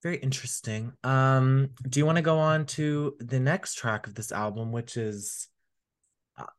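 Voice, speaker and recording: A man's voice: mid-range voice, normal speed. A man co-hosting a music podcast, rambling casually with many fillers and frequent laughs. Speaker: podcast co-host. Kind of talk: casual chat.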